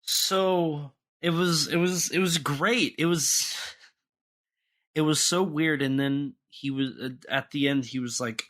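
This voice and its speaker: Young male podcast co-host, bright forceful tone, rambling chatty delivery full of restarts. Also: fairly high pitch, fairly even intonation. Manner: rambling, halting, many restarts and fillers. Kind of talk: casual podcast chat.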